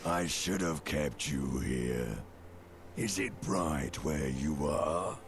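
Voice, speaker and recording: A man voicing an ancient, seductive voice from deep in the mind, slow and taunting, with a gravelly drawl. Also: a little mellow, exaggerated voice.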